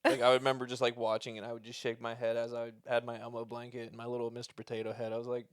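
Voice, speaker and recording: Male co-host, casual and profane, animated storyteller; smooth voice, dry close sound. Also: mid-range voice, racing, dry recording. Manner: animated, profane retelling of a movie plot. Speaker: podcast co-host. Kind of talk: casual chat.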